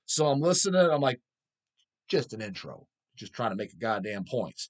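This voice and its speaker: A man's voice: mid-range voice, very animated, brisk. A man hosting his own channel, answering viewer questions in a blunt, crude, constantly swearing rant. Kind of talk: profane casual rant.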